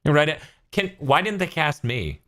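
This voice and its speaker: A man's voice: on the high side, big pitch swings, unhurried, fairly bright tone. A man co-hosting a casual podcast, joking and laughing often and swearing freely. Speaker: podcast co-host.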